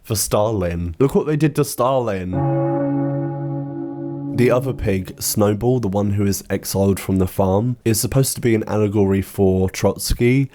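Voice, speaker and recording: A man talking through a film adaptation in a commentary video essay, dry and sarcastic in his asides. His voice sits a little low and sounds warm and relaxed rather than bright. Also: moderate pace, faint music behind.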